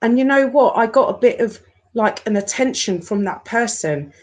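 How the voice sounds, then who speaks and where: A woman in her forties, talking to her viewers in an upset, halting rant, often stopping and repeating herself. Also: fairly high pitch, lively intonation, a little mellow. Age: 40s. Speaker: YouTuber. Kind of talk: emotional live-stream rant.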